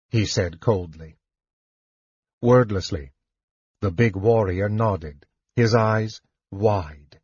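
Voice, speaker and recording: A man gives a slow, measured, dramatic reading of a fantasy novel in a husky, mid-pitched voice with a darkish tone. The dry, slightly dull recording sounds like a home audiobook.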